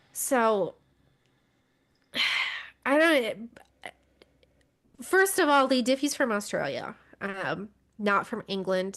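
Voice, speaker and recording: A woman co-hosting a podcast in casual chat, with a fairly high voice. She sounds wry and exasperated and swears freely. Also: a bit bright. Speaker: podcast co-host. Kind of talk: casual motorsports news chat.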